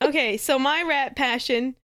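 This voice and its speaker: A woman's voice: high voice, normal speed, a bit bright, no room sound, clean studio sound. A woman co-hosting a casual comedy podcast, giggly and rambling, often laughing at her own jokes. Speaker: podcast co-host.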